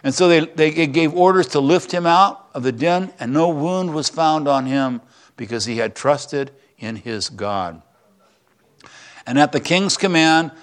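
A man preaching a sermon in a conversational, storytelling way, with joking asides. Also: mid-range voice. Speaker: pastor.

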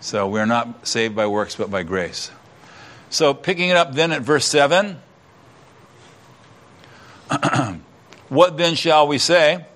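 A man's voice: fairly high pitch, fairly bright tone. A man preaching a sermon, dramatically retelling a Bible story and acting out the voices, with folksy asides. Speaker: pastor.

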